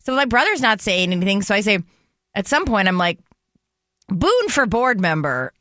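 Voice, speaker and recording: A woman tells a story on a radio show in a bright, forceful voice. She acts out the voices of the people in her story. The studio sound is dry. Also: mid-range voice, sing-song, moderate pace, no echo. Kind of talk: casual storytelling chat.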